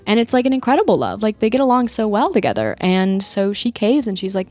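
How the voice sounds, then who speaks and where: A woman's voice: mid-range voice, very animated, a little fast, few pauses, a little mellow, soft background music. A young woman co-hosting a podcast, chatting casually about a movie and retelling scenes with acted-out quotes. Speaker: podcast co-host. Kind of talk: casual movie-review chat.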